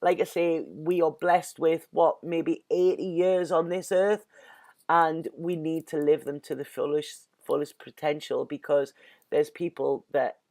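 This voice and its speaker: A woman's voice: low-pitched, steady tone, measured pace, dark tone. A woman with an English accent giving an earnest, emotional tarot reading in casual speech, constantly saying "you know" and sounding close to tears. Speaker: tarot reader.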